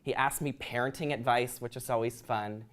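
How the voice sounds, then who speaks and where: A man's voice: medium pitch, fairly even intonation, moderate pace, fairly bright tone. A young man giving a prepared talk to an audience, earnest and reflective, with occasional ums. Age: young adult. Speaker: student speaker.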